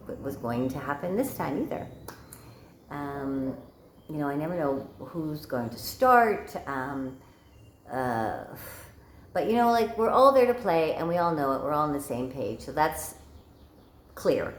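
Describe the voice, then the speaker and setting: A woman's voice: low-pitched, a little hiss or hum. A woman sex coach telling a story casually to camera, chatty with many fillers and repeated words. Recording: echoey room.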